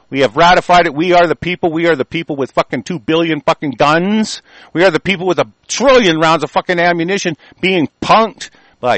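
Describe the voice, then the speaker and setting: A man hosting a radio show, delivering an angry, profanity-filled monologue full of halting restarts. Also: high voice, a bit bright, no echo, rough recording. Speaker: radio host.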